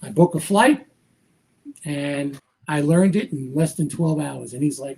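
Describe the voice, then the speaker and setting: Husky animated male magician storyteller. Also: fairly high pitch, measured pace. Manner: acts out quoted dialogue with lively voice shifts. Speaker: magician guest.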